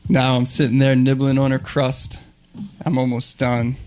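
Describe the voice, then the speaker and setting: A male comedian telling a comedy story with a dry, deadpan delivery. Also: medium pitch, moderate pace, clean tone. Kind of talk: stand-up storytelling.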